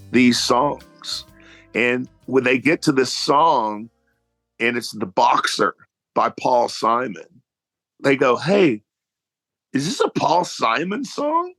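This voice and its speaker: A man at a middle pitch tells a backstage tale like he's at a bar with friends. His talk is loose and salted with curses. Faint music sits under the voice. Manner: animated storyteller, salty language. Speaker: guitarist telling a story. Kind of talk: casual anecdote.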